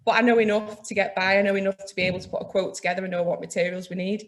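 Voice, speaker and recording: A woman who owns a lighting business, a podcast guest chatting frankly and telling lively stories, acting out what people said to her. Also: medium pitch, very fast. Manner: frank, lively storytelling that acts out other people's lines. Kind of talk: casual chat.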